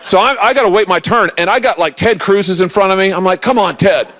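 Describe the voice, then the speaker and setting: A man's voice: high-pitched, fast talker, pushed and bright, a little hiss or hum. A man in his forties, a senator giving a political rally speech to a live audience, emphatic and rousing, with lots of repetition.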